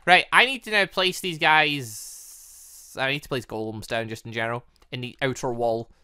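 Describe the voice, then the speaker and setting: A man's voice: medium pitch, normal speed, pushed and bright, clean tone, no echo, clean studio sound. A young man chatting and joking through his Minecraft let's play, talking to the villagers in the game. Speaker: gaming YouTuber.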